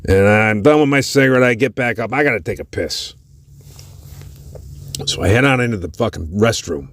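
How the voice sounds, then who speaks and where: Profane, animated male storyteller. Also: on the low side, normal speed. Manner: profane, animated, lots of cursing. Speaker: podcast host. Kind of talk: casual storytelling.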